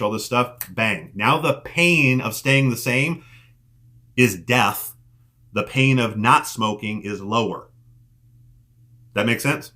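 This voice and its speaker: A man's voice: lowish voice, slow pace, pauses often, pushed and bright. A man giving a motivational coaching talk on an online team call, emphatic and repeating his key lines for effect.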